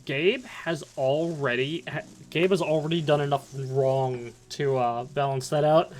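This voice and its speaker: A man co-hosting a game commentary, hesitant and halting, full of "uh"s. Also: on the high side, darkish tone. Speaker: commentary co-host. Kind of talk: casual let's-play banter.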